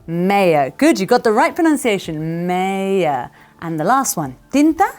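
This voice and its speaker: A woman teaching English to camera, drilling vocabulary and repeating words slowly with encouragement. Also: on the high side, big pitch swings, darkish tone, faint music behind.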